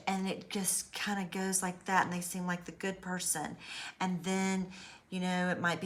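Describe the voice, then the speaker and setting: A woman talking casually to camera about recovery from abuse, in an animated storytelling way. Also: fairly low pitch, moderate pace.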